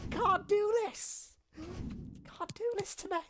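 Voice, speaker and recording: This is a man putting on a shrill, indignant old football manager. He whines his protests in a high-pitched voice that keeps climbing upward. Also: fairly even intonation, takes it slowly.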